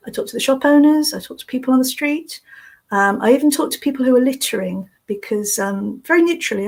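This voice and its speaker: A woman's voice: medium pitch, gravelly, husky. A woman who is losing her voice, speaking as a guest designer in an online talk in a chatty, self-mocking way.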